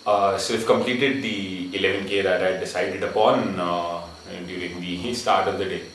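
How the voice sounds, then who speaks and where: Low-voiced man in a roomy outdoor recording. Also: moderate pace, far from the mic, music in the background. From India. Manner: relaxed, rambling with many restarts and fillers. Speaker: running vlogger. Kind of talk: casual vlog talk.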